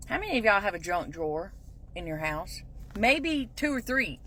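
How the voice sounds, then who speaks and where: A woman's voice: mid-range voice, big pitch swings, moderate pace, sharp tone. A middle-aged woman, telling sassy, folksy stories in a casual comedic monologue. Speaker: vlogger.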